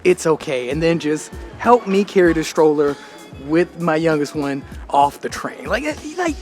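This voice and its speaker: A man's voice: on the high side, lively intonation, normal speed, soft background music. An American man vlogging in a candid, reflective way, full of casual slang. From United States. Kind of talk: casual talk to camera.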